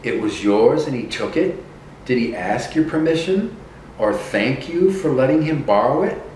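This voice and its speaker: A man voicing a kind female fairy godmother with silver wings, who asks questions in a gently insistent way. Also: mid-range voice, lively intonation, normal speed, a little hiss or hum, natural voice. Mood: probing. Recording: echoey room from a distance.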